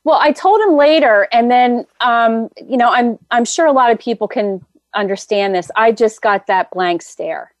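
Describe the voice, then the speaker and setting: A middle-aged woman guest telling her story in an animated, rambling way with many fillers. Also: on the high side, normal speed, dry recording. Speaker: guest, energy healer. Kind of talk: casual interview storytelling.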